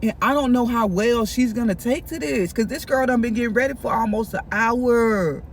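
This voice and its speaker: A man chatting in a casual storytime vlog, animated and gossipy, talking straight to his viewers. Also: very high-pitched, moderate pace, a little hiss or hum. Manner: animated, gossipy, keeps addressing viewers directly. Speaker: vlogger. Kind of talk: casual storytime while eating.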